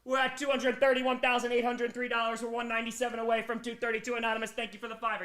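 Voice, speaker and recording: A man's voice: very high-pitched, steady tone, fast, hardly any pauses, bright, forceful tone, echoey room. A worn-out man streaming for a whole day, thanking donors one by one and swinging between hype and tired mumbling. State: exhausted after a day awake. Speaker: streamer reading out donations. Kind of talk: live charity stream chat.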